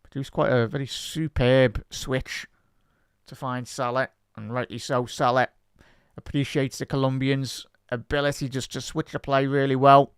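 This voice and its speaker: Brief: male fan-host, live watch-along, chatty and excitable, resonant voice in a dead, close space. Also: mid-range voice, normal speed, clean tone, no room sound. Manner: excitable, chatty fan commentary, talks to the chat. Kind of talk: live match commentary and chat with viewers.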